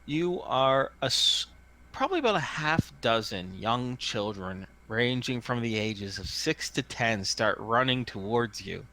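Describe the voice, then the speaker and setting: Bright, lively game master. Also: male voice, mid-range voice, unhurried. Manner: chatty, many fillers and restarts. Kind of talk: narrating a tabletop game.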